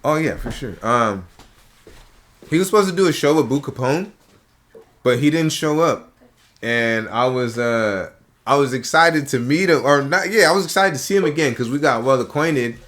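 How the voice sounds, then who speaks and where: Speaking at medium pitch and normal speed, a comedian appearing as a podcast guest chats casually in the studio. His storytelling is animated, and he performs other people's quotes as he goes.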